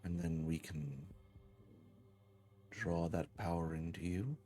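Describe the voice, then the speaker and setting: A man, the dungeon master, playing a patient inner spirit that speaks softly and persuasively. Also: low-pitched, slow, soft background music. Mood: coaxing.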